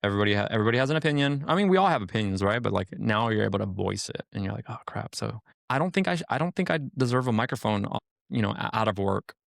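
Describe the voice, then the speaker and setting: A man telling stories in casual chat on a podcast, animated and acting out quotes, with frequent swearing. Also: on the low side, racing, gravelly, few pauses, no echo, clean studio sound. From Hispanic family background. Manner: animated storyteller, acts out quotes, swears freely. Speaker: podcast guest. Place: podcast studio.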